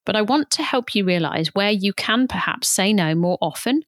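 A woman's voice: mid-range voice, expressive, moderate pace, no room sound, clean studio sound. A British woman in her thirties hosting a podcast, talking in a candid, casual way and occasionally swearing. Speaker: podcast host and birth recovery coach.

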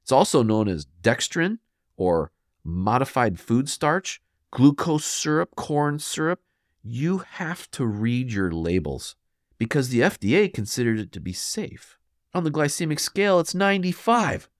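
A man's voice: mid-range voice, very animated, unhurried, dry recording, clean studio sound. A man hosting a solo health podcast, talking emphatically and scolding the listener, now and then mimicking what people think. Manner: mimics listeners in quoted asides. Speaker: podcast host.

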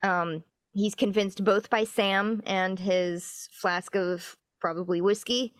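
A woman co-hosts a relaxed chat about a TV episode and backs up her partner with frequent agreement. She adds details in a plain, easygoing way. Her voice has a middle pitch and a dry, close sound. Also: no room sound. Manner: agreeable, chimes in with quick affirmations. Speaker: podcast co-host. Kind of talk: casual chat recapping a TV episode.

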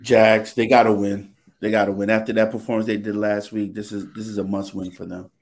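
A male panelist making picks in a flat, repetitive delivery. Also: lowish voice, brisk, slight background noise.

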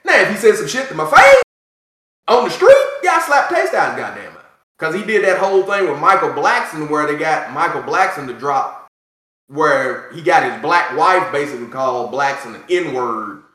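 A man rants through a casual podcast chat, swearing freely and firing off mocking asides. His voice sits high and swings widely in pitch. It rings in a very echoey room. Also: normal speed. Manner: profane, animated ranting with mocking asides. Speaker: podcast co-host.

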